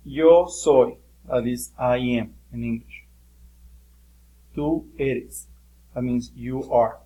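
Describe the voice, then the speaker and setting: Guy teaching class, patient, some uhs, middle pitch. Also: steady tone, takes it slowly, dark tone, rough recording. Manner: explains patiently with fillers, switching between English and Spanish. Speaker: Spanish teacher. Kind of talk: recorded classroom lesson.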